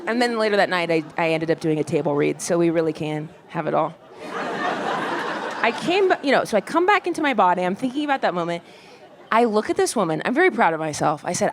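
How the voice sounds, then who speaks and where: A woman stand-up comedian telling a story in a wry, quick, self-deprecating way, on a club stage with a handheld mic. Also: on the low side, animated. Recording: live club recording with crowd noise. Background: audience laughter.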